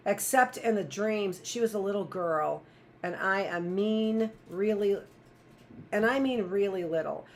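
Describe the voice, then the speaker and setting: A woman's voice: mid-range voice, a little slow, slight background noise. A woman teacher reading a novel aloud in a plain, first-person storytelling voice.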